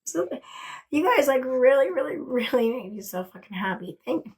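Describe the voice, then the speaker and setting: A high-pitched, very animated woman speaks at a normal pace with a slightly mellow tone. She's hosting a casual livestream from her bedroom, chatting and gushing, cursing freely and thanking her viewers over and over.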